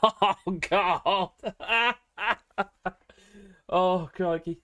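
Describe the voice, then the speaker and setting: A woman's voice: fairly low pitch, expressive, very slow, long pauses, no room sound, clean studio sound. A middle-aged woman, hosting a live stream in casual, giggly, exclamatory chat.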